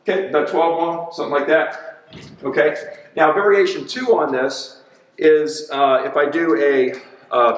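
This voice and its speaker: A man's voice: fairly high pitch, far from the mic. A man, a personal trainer, coaching an exercise demo in a gym in an upbeat, chatty way and counting reps aloud. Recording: echoey gym, voice from off-mic.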